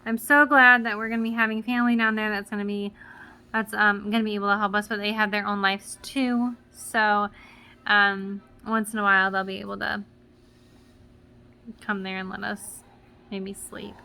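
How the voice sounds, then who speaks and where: A woman's voice: mid-range voice, flat delivery, normal speed, bright, forceful tone, clear, resonant tone. A young mother vlogging casually, rambling with many fillers, emotional and close to tears. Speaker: vlogger mom. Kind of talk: casual vlog talk.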